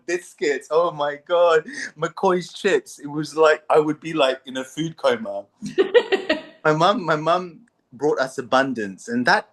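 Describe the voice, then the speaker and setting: This is a man in the middle range of pitch, a guest on a conversational podcast. He tells stories with energy and laughs often as he talks. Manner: animated, laughs often while telling stories. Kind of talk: storytelling in conversation.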